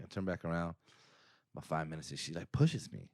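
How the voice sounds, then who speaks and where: A man's voice: sits low, expressive, a little fast, a little mellow, no echo, clean studio sound. A man co-hosting a podcast, telling rambling, profane stories in casual chat and laughing often. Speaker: podcast co-host.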